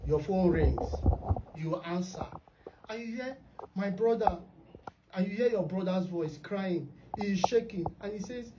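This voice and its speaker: A woman's voice: medium pitch, unhurried. A woman hosting a radio talk show, telling stories emphatically. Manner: storytelling, emphatic. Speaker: radio host. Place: radio studio. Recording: distant mic with faint noise.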